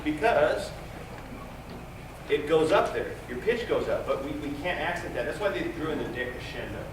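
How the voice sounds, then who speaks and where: Running a choral rehearsal in a large hall, a man keeps encouraging the singers, repeating himself and singing short phrases to show how they should go. His voice is on the high side and animated, at a moderate pace. The distant recorder leaves the sound echoey and hissy.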